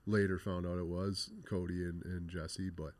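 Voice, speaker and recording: A man's voice: low-pitched, moderate pace. A man, a guest graffiti artist, telling his life story in an interview, blunt and profane, acting out past conversations. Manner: blunt, profane, animated retelling with quoted dialogue.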